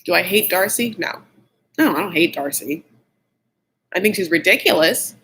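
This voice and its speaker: A man's voice: lively intonation, normal speed, pushed and bright, poor audio. A man hosting a casual, gossipy recap of a TV show, blunt and opinionated, saying "like" constantly. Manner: catty, blunt and opinionated, heavy use of "like"; shifts pitch often when worked up.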